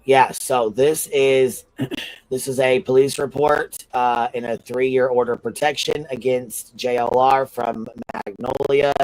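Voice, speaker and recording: A man's voice: mid-range voice, fairly even intonation, unhurried, a little mellow, no echo, rough recording. A man on a livestream panel reading a legal filing aloud, breaking off into blunt, profane, incredulous asides.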